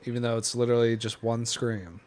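A man chatting casually while watching a film, animated and laughing as he explains scenes. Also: medium pitch, a little fast. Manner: animated, laughing, quoting lines. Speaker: movie watch-along commentator. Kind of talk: casual chat over a film.

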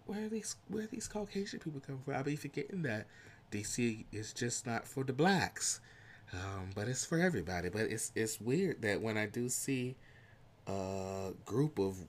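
A man with a Southern US country accent reading a history passage aloud and then chatting casually about his weekend, lively and slangy. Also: sits low, slight background noise. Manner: animated, drawls and trails off, slangy asides. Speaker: vlogger. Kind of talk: casual vlog talk with a read-aloud segment.

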